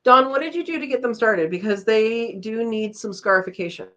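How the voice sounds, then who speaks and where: A woman's voice: on the high side, a little fast, sharp tone. A tired woman hosting a casual live chat, reading out viewer comments and chatting back with a laugh. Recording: slightly dull lo-fi audio.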